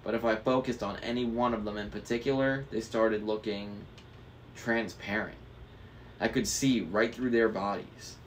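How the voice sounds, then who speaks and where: A man's voice: fairly low pitch, steady tone, moderate pace, a little hiss or hum. A man reading a novel aloud in a casual way, stumbling now and then over hard words. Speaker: book reader.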